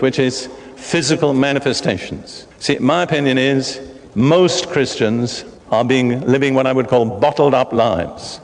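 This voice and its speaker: An older man preaching a sermon in an emphatic way, climbing into excited bursts. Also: medium pitch. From Britain. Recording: long hall reverb.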